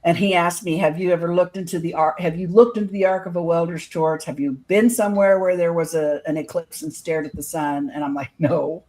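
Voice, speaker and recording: A middle-aged woman earnestly telling a personal story in casual podcast talk, quoting others in lively voices. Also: on the low side, a little fast, few pauses. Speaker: guest telling her own experience.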